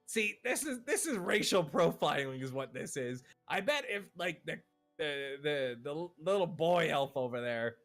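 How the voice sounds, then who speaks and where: A man's voice: fairly high pitch, lively intonation, normal speed, a bit bright, faint music behind. A man narrating as game master for a tabletop game, playfully voicing the characters.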